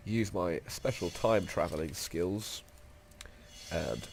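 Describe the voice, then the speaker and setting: A man's voice: low-pitched, slow pace, creaky, slight background noise. A young man with a stuffy, nasal voice from a cold, casually commenting on a game as he plays, rambling and swearing now and then. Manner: rambling, jokey, swears freely. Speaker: let's play host.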